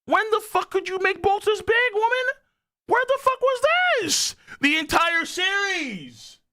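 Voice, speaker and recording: A man live-streaming his reaction to viewers, excitable and loud, with frequent outbursts and swearing. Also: very high-pitched, measured pace. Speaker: streamer reacting to a manga chapter.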